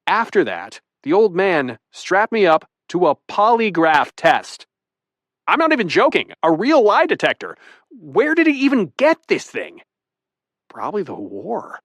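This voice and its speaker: A man's voice: high voice, huge pitch swings, a little slow, fairly bright tone, dry recording. Wry young man narrating an audiobook. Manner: wry, comic, self-deprecating storytelling. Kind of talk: first-person romance audiobook narration. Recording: dry studio booth.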